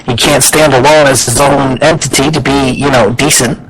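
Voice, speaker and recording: A man's voice: mid-range voice, fairly even intonation, normal speed, a crowd in the background, poor audio. A man co-hosting a casual podcast, rambling and opinionated, swearing freely and restarting his sentences often. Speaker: podcast co-host. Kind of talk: casual wrestling podcast chat.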